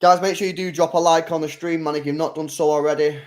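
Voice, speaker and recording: Excitable high-voiced man streaming football. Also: fast. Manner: excitable fan, swings from loud shouts to low mutters. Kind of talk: live football watchalong commentary.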